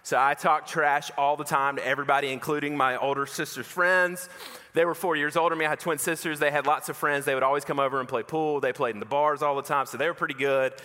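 A man preaching a sermon as an animated, self-mocking storyteller. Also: fairly high pitch, fast talker. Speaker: pastor. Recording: reverberant hall.

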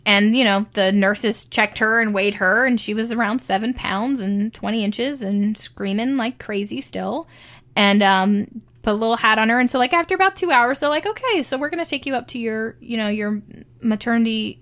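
A young woman tells her birth story in a loose, conversational way. She fills her talk with ums and likes and slips into quoted voices as she goes. Her pitch sits in the middle. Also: a bit bright. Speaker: new mother telling her birth story. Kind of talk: casual personal storytelling.

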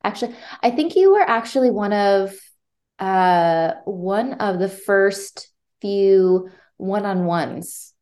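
A woman's voice: medium pitch, lively intonation, slow pace, darkish tone. A woman who works as a coach, talking as a podcast guest in an effusive, encouraging way. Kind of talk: casual interview chat.

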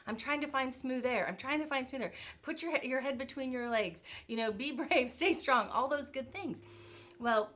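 A woman giving an energetic motivational talk on leadership, firing off rhetorical questions. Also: fairly high pitch. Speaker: motivational speaker. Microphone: virtual event talk.

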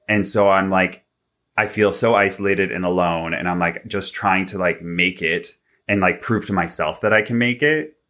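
A young man from Canada telling a personal story as an interview guest, chatty with lots of fillers. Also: low-pitched. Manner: chatty, filler-heavy, animated when quoting himself. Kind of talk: casual storytelling.

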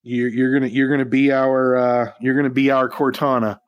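A man's voice: medium pitch, little pitch movement, brisk, clean tone, no echo, muffled recording. A man co-hosting a live tech news stream, chatty and upbeat with joking asides. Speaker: co-host of a VR news livestream. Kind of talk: casual livestream chat.

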